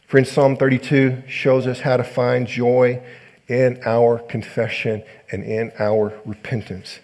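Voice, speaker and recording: A male pastor preaching a sermon in earnest, rising to loud emphasis and dropping to hushed low lines. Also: flat delivery, slow.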